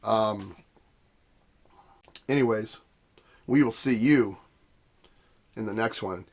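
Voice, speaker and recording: A man's voice: fairly low pitch, slow. A man hosting his gaming vlog, rambling casually from his home setup, interrupting himself and laughing often. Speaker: gaming channel host. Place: home basement studio room. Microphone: desk camera setup.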